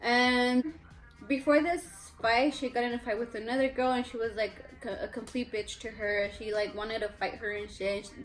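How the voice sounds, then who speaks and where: A woman's voice: fairly high pitch, steady tone, normal speed, soft background music, rough recording. A young woman from Mexico with a Mexican accent, telling a story casually on a vlog, blunt and indignant and swearing freely. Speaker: vlogger. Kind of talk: casual storytelling during a mukbang.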